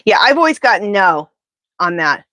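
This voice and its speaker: A woman doing a live pendulum reading, talking in an animated, indignant, chatty way. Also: medium pitch, moderate pace, no echo. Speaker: tarot reader.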